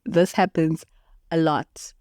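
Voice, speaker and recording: Slow, low-voiced woman hosting a podcast. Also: fairly even intonation, a little mellow, no room sound, clean studio sound. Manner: unhurried, reflective, laughs often at her own stories. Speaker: podcast host. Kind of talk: motivational podcast monologue.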